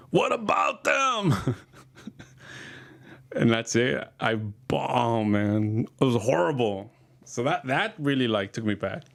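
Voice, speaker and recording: A man's voice: mid-range voice, gravelly. A comedian casually telling rambling, profane stories about his past and often laughing as he talks.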